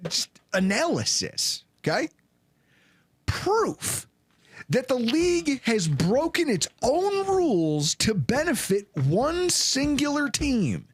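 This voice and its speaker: A man's voice: very high-pitched, slightly rough, dry recording. Guy ranting on a sports podcast, voice all over the place, dry close sound. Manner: animated, ranting, sarcastic. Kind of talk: casual sports talk rant.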